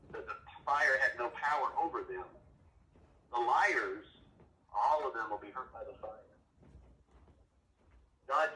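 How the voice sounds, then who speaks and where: A man's voice: medium pitch, bright, forceful tone. A middle-aged man and father leading a Bible lesson for his kids over the phone, stern and scolding. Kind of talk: preachy scripture teaching. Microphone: phone call. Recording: echoey, distant phone recording, faint noise.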